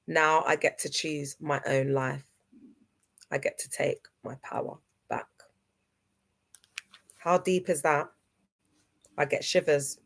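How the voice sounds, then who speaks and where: Low-voiced woman hosting a motivational livestream. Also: gravelly. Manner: earnest, reads from notes, addresses viewers as guys. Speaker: livestream host.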